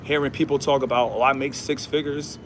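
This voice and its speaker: A man's voice: mid-range voice, steady tone, brisk, noisy background. A man hosting a casual livestream, talking in a preachy, repetitive way with slangy speech and Bible verses. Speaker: livestream host.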